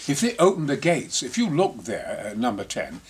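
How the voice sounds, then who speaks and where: A man's voice: mid-range voice, big pitch swings, normal speed, slight background noise. A man telling boisterous, sweary anecdotes in casual behind-the-scenes chat. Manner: boisterous, sweary, theatrical storytelling.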